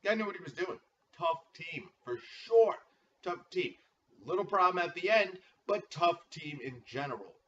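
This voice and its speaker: A man serving as commissioner of a fantasy football league, casually introducing members with drawn-out hype-man name calls and profane asides. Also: high voice, lively intonation, pushed and bright, far from the mic, lo-fi sound, slight background noise.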